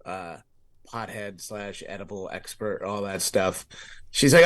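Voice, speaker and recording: A man's voice: on the low side, a little slow. A man on a podcast casually telling a rambling personal story, acting out his own past thoughts with lots of fillers. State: grieving. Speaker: podcast co-host.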